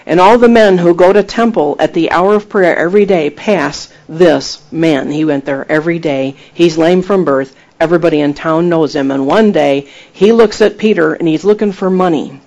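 Animated high-voiced male preacher. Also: moderate pace, few pauses, muffled recording. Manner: animated storytelling, acting out quoted voices; emphatic, rising to exhortation. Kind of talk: sermon.

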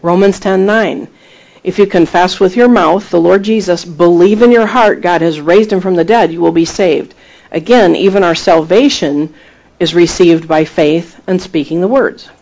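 A man preaching a sermon, retelling scripture with emphatic, animated delivery and acted-out quotes. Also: sits high, moderate pace, poor audio. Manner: animated storytelling, acting out quoted voices; emphatic, rising to exhortation.

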